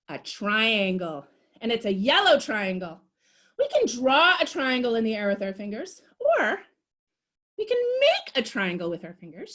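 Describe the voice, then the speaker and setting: Young woman children's librarian, toddler storytime, bouncy sing-song delivery, unhurried. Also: fairly high pitch, a bit bright. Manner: sing-song, exaggerated and encouraging, talks to toddlers.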